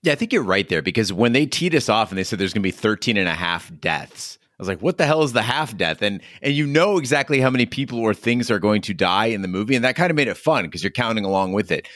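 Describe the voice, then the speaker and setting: Low-voiced, wry podcast co-host man. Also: lively intonation, fast, few pauses, a bit bright, no room sound, clean studio sound. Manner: wry, critical commentary. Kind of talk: casual movie-review chat.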